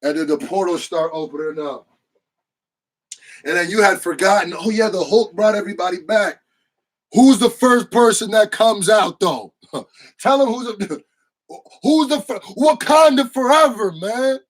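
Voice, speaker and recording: A man giving an excited, slangy, casual movie review with bursts of shouting and laughter. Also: sits high, unhurried, long pauses, poor audio.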